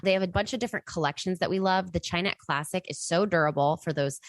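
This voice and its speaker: A woman's voice: fairly low pitch, quick pace, no room sound. A woman co-hosting a podcast in casual chat, bubbly and gushing. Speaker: podcast co-host.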